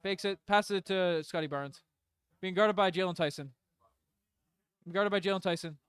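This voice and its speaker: A young man giving a fan's live play-by-play commentary, swinging between despair and hype and yelling after big shots. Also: sits high, normal speed, clean tone, dry recording. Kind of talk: excited fan play-by-play commentary.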